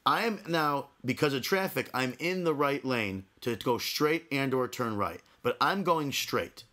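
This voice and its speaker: A man's voice: medium pitch, animated, a little slow, pushed and bright. A man co-hosting a podcast, telling a story in casual chat, fired up and repeating himself as he goes. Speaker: podcast co-host.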